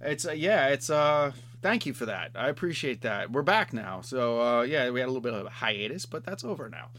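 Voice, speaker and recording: A man's voice: mid-range voice, sing-song, brisk, a bit bright. Middle-aged guy hosting a podcast, easygoing and rambly, medium voice. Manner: rambling, laid-back, says "man" a lot. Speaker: podcast host. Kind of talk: casual podcast chat.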